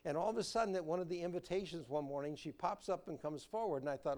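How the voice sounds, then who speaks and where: A man preaching a sermon to his congregation with animated emphasis, asking questions and answering them himself. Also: on the high side, fast, few pauses. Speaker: pastor. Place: church sanctuary.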